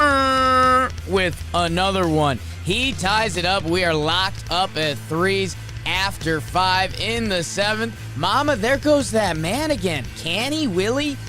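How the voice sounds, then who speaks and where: A man co-hosting a sports podcast, casually chatting about a baseball game in a laid-back way. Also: high-pitched. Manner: laid-back, shifts to excited broadcaster voice for game recaps. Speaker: podcast co-host. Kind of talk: casual sports chat and mock play-by-play.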